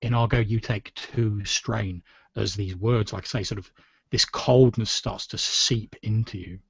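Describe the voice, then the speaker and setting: A low, gravelly and husky man narrates as game master, leaning on "sort of" as he lays out each scene. The recording is dry and dull, with a lo-fi feel. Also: steady tone, a little slow, dry recording. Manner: descriptive, with frequent "sort of" hedges.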